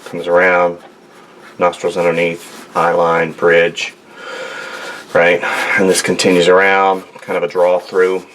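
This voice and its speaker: An artist sits at his home studio desk doing a drawing demonstration, rambling casually, joking and talking to himself as he works. His voice is low, monotone and a bit bright, and he takes it slowly, with slight background noise.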